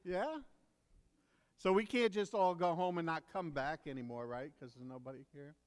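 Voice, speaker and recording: A deacon with a fairly high voice and moderate pace delivers a playful children's sermon, teasing and coaxing the kids into answering. He uses a handheld or stand microphone in a church sanctuary, where long reverb fills the recording.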